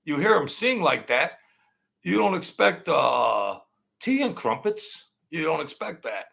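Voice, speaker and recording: A man hosting his own channel, telling a long casual story in a rambling, halting way, full of fillers and restarts. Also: fairly high pitch, sing-song, creaky, a bit bright. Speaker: channel host telling stories.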